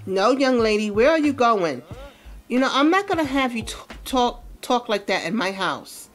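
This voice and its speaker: A strict father from a life-sim game, firmly scolding his teenage daughter, as a woman plays him without lowering her voice. His lines rise and fall a lot. Faint music plays underneath. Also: sing-song, normal speed, darkish tone, close to an everyday voice. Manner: firm, scolding.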